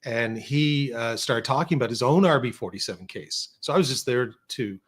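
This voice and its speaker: A man's voice: medium pitch, moderate pace, slightly rough. A man on a podcast in a studio, telling rambling stories in casual chat, full of restarts and quoted dialogue. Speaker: podcast guest, filmmaker.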